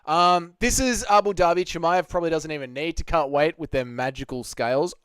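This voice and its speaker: A man's voice: on the high side, a little fast, hardly any pauses, a bit bright, clean tone, no room sound. A man hosting a casual livestream, reading chat comments aloud and arguing back. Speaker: livestream host answering chat.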